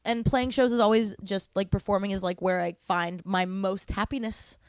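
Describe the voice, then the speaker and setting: A woman's voice: medium pitch, moderate pace, clean tone, no room sound, studio quality. A woman, a band's lead singer, chatting in an interview and telling stories with frequent laughs. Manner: chatty, laughs often, lively storytelling. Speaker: band vocalist guest. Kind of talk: casual interview chat.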